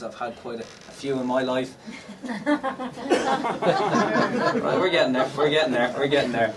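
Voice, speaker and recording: Doing crowd work on stage, this Irish comedian teases the audience with cheeky, filler-heavy banter. His mid-range voice is expressive at a normal speed, and he pauses often. A distant mic captures him over a noisy crowd at the live comedy venue.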